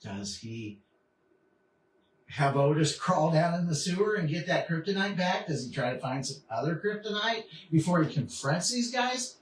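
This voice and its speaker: A man's voice: on the high side, big pitch swings, moderate pace. A man co-hosting a casual chat, telling stories in a rambling way with many fillers and restarts. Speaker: podcast co-host. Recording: roomy sound from a distant mic with faint ambience.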